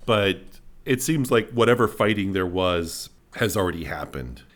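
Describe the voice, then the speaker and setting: A man's voice: deep voice, moderate pace. Laid-back man running a tabletop game. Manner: relaxed, laughing narration. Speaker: game master.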